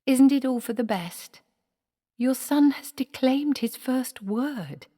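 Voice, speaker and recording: A woman voicing a tender wife who speaks gently and coaxingly, in a long-reverb hall recording. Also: sits high, lively intonation, slow, voice pushed up, exaggerated voice. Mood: soothing. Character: tender wife, soothing and calm.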